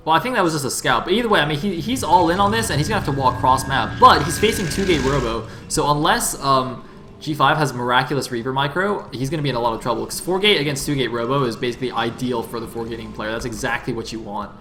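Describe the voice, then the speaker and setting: A man casting a live game, excitable and jokey, getting loud at big plays. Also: medium pitch, fast, slight background noise. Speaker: esports caster.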